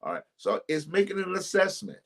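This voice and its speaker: On a ministry live stream, a man gives his viewers casual relationship advice, speaking emphatically and repeating himself like a preacher. His pitch jumps suddenly, he greets commenters by name, and his delivery is sing-song, brisk and fairly bright.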